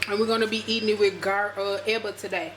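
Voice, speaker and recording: A chatty woman from the United States talks her viewers through a home-cooked meal and keeps calling them y'all. Her voice sits at a middle pitch. The kitchen rings with echo, and steady background noise carries under her talk. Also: fast. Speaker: cooking vlogger. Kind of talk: casual cooking vlog.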